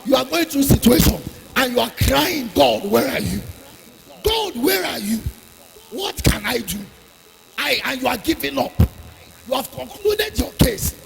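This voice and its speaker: Fervent preacher, gravelly high voice. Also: male voice, big pitch swings, a little slow. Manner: fervent, repeats his lines for emphasis. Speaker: pastor. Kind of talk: sermon. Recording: long hall reverb.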